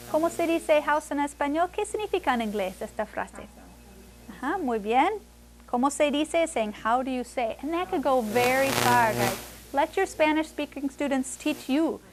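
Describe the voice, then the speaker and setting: A woman teaching conversational Spanish to adults, switching between English and Spanish and repeating phrases slowly for the learners. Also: high-pitched, expressive, slight background noise. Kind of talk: classroom language lesson.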